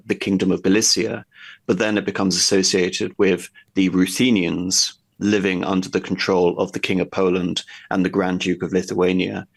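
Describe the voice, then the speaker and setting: A man's voice: deep voice, creaky, slightly rough. A man talking at length as a guest in a history conversation, explaining in a discursive, lecturing way and thinking aloud as he goes.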